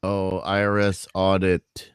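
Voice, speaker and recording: A man's voice: low voice, monotone, slow, clear, resonant tone. A man co-hosting a casual crossword chat, laid-back with short chuckling replies.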